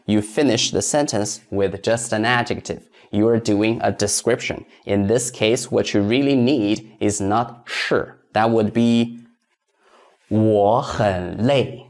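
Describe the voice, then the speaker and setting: A man teaches a grammar lesson in a methodical, step-by-step way. He asks the learner questions, then says each example sentence slowly twice so it can be copied. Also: lowish voice, a little mellow. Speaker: Chinese language teacher.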